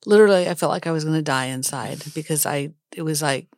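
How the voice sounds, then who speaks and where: A woman's voice: low voice, fast talker, a little mellow, no room sound, clean studio sound. Middle-aged woman, earnest and reflective. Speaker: wife of the storyteller. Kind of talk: casual conversation.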